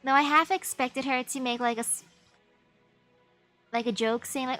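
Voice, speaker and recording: A woman streamer with a high voice reads video game dialogue aloud in a playful, lively way. She shifts between characters and breaks in with her own reactions. Quiet game music plays underneath. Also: moderate pace.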